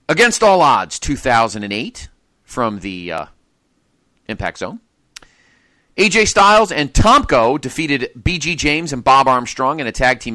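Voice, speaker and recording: A man's voice: mid-range voice, bright, forceful tone, no room sound. A man hosting a podcast, reading match results aloud with incredulous asides and frequent laughter. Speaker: podcast host. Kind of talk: casual chat, reading match cards.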